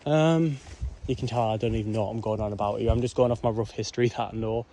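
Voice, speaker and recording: A man's voice: fairly low pitch, steady tone, fast, warm tone. A young man giving casual walking commentary while he explores old ruins, rambling with lots of ums, a bit out of breath. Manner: rambling, chatty, frequent ums and whatnots. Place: outdoors on a windy hillside. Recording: noisy outdoor camera audio.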